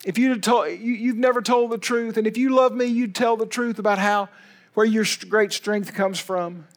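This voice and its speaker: A shrill, whiny young woman who keeps accusing her lover of lying and begging for the truth, as a preacher puts her on in a sermon. her voice rides high and keeps pushing, close to a wail. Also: normal speed. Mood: pleading. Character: pleading, nagging young woman, Delilah.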